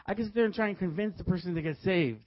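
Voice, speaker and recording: Guy preaching, lively stories w lots of laughs, bit high voice, dull lo-fi sound. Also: brisk, no room sound. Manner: lively, laughs often while telling stories. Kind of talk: sermon with storytelling.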